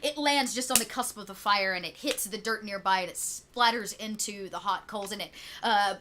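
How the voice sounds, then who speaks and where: Woman, game master, chatty narration, fillers, bright voice. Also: mid-range voice, moderate pace. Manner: chatty, laughs often, many fillers.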